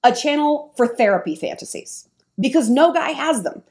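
A woman's voice: high-pitched, animated, moderate pace, darkish tone. A woman vlogger giving frank, opinionated dating advice in an emphatic talk to the camera. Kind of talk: monologue to camera.

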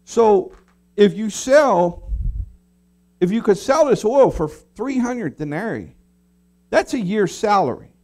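A man's voice: high voice, animated, takes it slowly, pauses often, darkish tone. A man pastor preaching a conversational sermon to his congregation, briefly acting out the voices of a grumbling crowd.

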